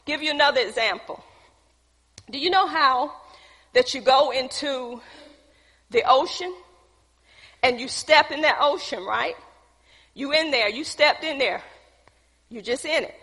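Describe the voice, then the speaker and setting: High, bright-toned woman preaching a sermon. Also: animated, measured pace, pauses often, slightly rough. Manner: preaching with questions to the congregation and casual asides. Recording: long hall reverb.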